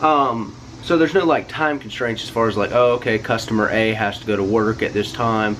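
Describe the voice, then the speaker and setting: A man's voice: fairly low pitch, normal speed, a bit bright, a little hiss or hum, poor audio. A man casually explaining pressure washer maintenance and equipment in a playful, joking vlog. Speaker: pressure washing business owner.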